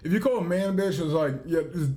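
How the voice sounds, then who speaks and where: A man's voice: a little high, fast talker, dark tone. A man from New England co-hosting a casual podcast, brash and profane in his talk. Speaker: podcast co-host. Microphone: studio podcast mic.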